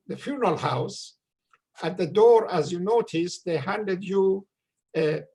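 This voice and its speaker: A man giving an earnest memorial talk over a video call, pausing often with drawn-out fillers. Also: on the high side, gravelly, breathy edge, poor audio. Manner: hesitant, many drawn-out uh fillers. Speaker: memorial gathering speaker. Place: home room, virtual gathering. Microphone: video call microphone.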